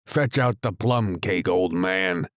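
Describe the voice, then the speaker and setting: A man's voice: deep voice, no echo, clean studio sound. A man doing an eager, sly unicorn. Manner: eager, quick to cry out. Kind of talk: audiobook character reading.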